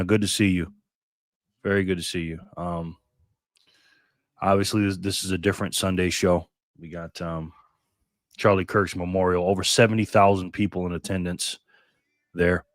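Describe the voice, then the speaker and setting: A man's voice: low-pitched, dry recording, studio quality. A man hosting a casual live stream, talking in a rambling way and greeting chat viewers by name.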